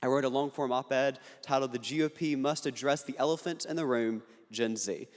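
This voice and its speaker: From the stage of a big university campus hall, a young political speaker addresses the crowd with sincere conviction and punchy delivery, adding jokes as he goes. His pitch is ordinary, and the space leaves a long reverb behind his words.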